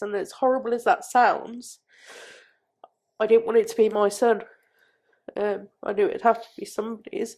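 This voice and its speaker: A middle-aged woman recounting a painful personal story as a podcast guest, halting and repeating herself. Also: mid-range voice. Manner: halting, repeats phrases, quiet.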